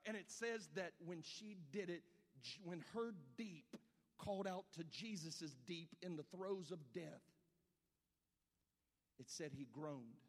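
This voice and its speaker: A man preaching a sermon with passion, swinging between shouted peaks and hushed stretches. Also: a little high, slow pace. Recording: long reverb of a large hall.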